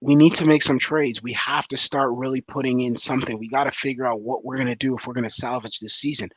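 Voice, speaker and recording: A man's voice: medium pitch, steady tone, quick pace, breathy edge, no echo. A man giving a rambling, frustrated post-game reaction as a fan commentator, full of fillers.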